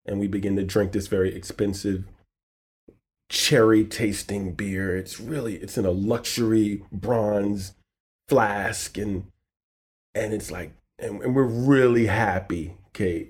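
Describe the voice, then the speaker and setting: A middle-aged man tells a long personal story as a guest on a podcast. His voice sits low and has a husky edge. He animates the quoted lines and goes softer when the story turns sad. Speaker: guest author and poet.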